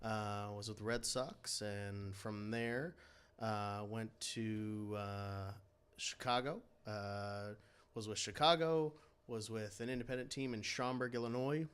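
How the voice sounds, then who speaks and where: A man speaking as a podcast co-host in casual chat, laid-back and joking, often pausing with ums and uhs. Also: lowish voice, steady tone, a bit bright, clear, resonant tone. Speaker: podcast co-host and former baseball player.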